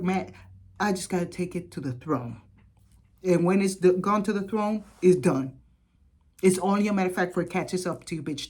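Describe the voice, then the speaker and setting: Caribbean woman venting on her vlog, lowish voice, swears a lot, laughs it off. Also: darkish tone. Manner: blunt and profane, with frequent laughs. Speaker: spiritual vlogger. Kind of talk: casual storytelling rant.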